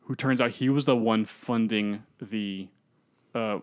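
A young man co-hosting a podcast, rambling through a story in excitable casual chat. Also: on the low side, measured pace. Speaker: podcast co-host.

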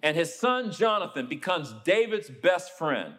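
A man preaching a sermon, telling a story and acting out the people in it, then turning quiet and low for a personal confession. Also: sing-song, unhurried. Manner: storytelling, acts out the people he quotes.

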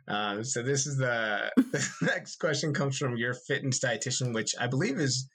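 A man's voice: mid-range voice, lively intonation, a little slow, crowd noise. A man co-hosting a podcast in casual chat, self-deprecating and laughing often as he jokes with his co-hosts. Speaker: podcast co-host.

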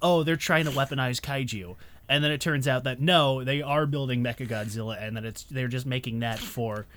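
A man's voice: mid-range voice, fairly even intonation, a little fast, fairly bright tone. A man co-hosting a casual movie review podcast, rambling with lots of fillers and swearing freely. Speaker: podcast co-host.

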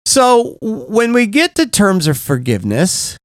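A middle-aged man tells blunt, profanity-laced stories on a podcast, often checking in with a quick "right?". His voice swings widely in pitch as he talks. The sound is dry and close, with no room echo. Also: huge pitch swings. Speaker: podcast co-host. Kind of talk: casual candid storytelling.

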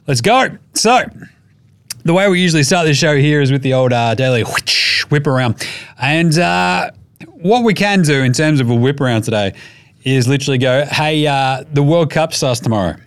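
A man's voice: fairly high pitch, expressive, normal speed, smooth, dry recording. An Australian man hosting a casual sports podcast, talking in an irreverent, jokey and profane way. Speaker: podcast host.

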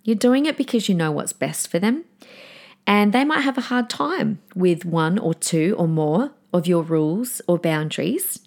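A middle-aged woman talks through parenting tips on her podcast, her voice sitting fairly low. She is earnest and direct, and slips into a calm, firm tone when she acts out what she tells her kids. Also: moderate pace. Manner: warm, earnest, gives numbered tips and acts out calm firm lines to children. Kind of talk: solo podcast advice talk.

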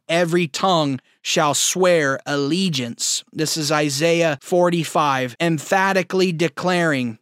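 A man preaching a sermon, reading scripture aloud slowly and with emphasis. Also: high voice, fairly bright tone, smooth, no room sound, studio quality.

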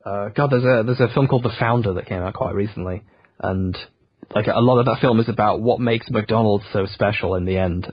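A young Yorkshireman whose accent is generic southern English rather than Yorkshire speaks in a lowish, breathy voice on a dry recording. He's a video essayist appearing as a guest in a casual interview over a muffled remote call, rambling and self-deprecating, with plenty of fillers.

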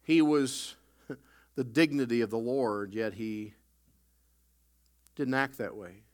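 A man pastor preaching a sermon, emphatic with sudden loud bursts and folksy storytelling asides. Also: mid-range voice, slow pace.

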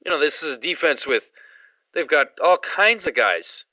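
With a sing-song, fairly high voice at moderate pace, this man co-hosts a sports podcast in relaxed conversation, frequently saying "I mean". The lo-fi recording sounds dry and dull, without echo.

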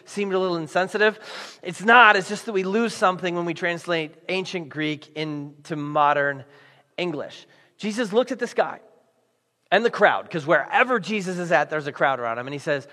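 Male pastor, high voice, conversational animated sermon, church hall with long reverb. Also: fairly quick. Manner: conversational, animated, acts out the story. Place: church auditorium. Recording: echoey hall.

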